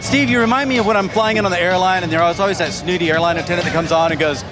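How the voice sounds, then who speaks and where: A man co-hosting a live event broadcast, joking and quick-talking from the arena floor. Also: high-pitched. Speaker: broadcast co-host. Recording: loud crowd and music behind.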